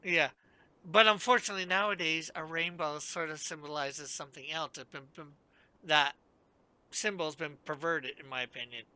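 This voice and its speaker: An older man hosting a casual chat, easygoing, laughing often and trailing off quietly. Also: fairly high pitch, normal speed, clean tone, low-quality recording. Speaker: host.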